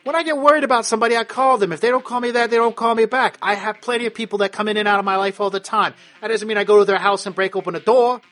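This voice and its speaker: A man's voice: high voice, very animated, brisk, hardly any pauses, a bit bright, full character voice. A man voicing a brash, swearing gangster boss who lectures and scolds. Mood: scolding.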